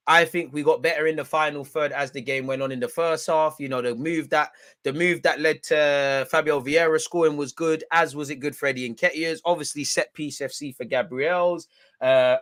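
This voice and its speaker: A young man with a London accent, chatting casually on a football watch-along stream in heavy slang, swinging between loud hype and low mutters. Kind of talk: casual live-stream chat.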